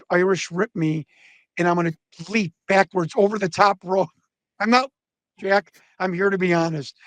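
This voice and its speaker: A middle-aged man telling a profane, animated backstage story in casual conversation. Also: high voice, no echo. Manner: profane, animated anecdotes with quoted voices. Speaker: guest storyteller.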